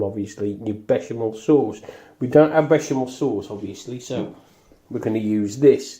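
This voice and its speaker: A man's voice: mid-range voice, warm tone. Joking West Midlands man cooking, echoey kitchen. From Wolverhampton. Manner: jokey, rambling, swears casually. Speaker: home cooking video host. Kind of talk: casual cooking demonstration. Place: home kitchen.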